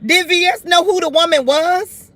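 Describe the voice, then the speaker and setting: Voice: very high voice, steady tone, moderate pace, a bit bright. A co-host in casual stream chat, probing with short follow-up questions.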